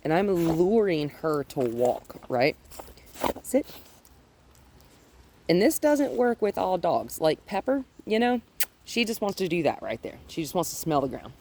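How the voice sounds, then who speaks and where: A woman dog trainer walking a dog outdoors, explaining her steps calmly and praising the dog in a high, happy voice. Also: unhurried, pauses often. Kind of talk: hands-on training demonstration. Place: outdoors in a yard with trees. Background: faint wind.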